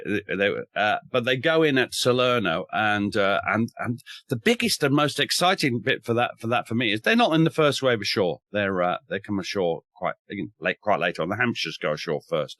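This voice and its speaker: Eager historian, dry sound. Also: male voice, fairly low pitch, a bit bright, no echo. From north of England. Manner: enthusiastic, wry humor, mild swearing, frequent restarts. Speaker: historian and author. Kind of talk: casual podcast chat.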